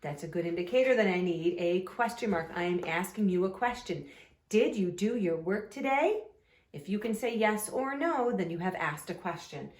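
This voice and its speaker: A woman's voice: fairly low pitch, animated, roomy sound. A woman teaching a remote phonics lesson to young children, talking in a sing-song way and stretching her questions upward. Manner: slow, sing-song, exaggerated question intonation. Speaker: elementary school teacher.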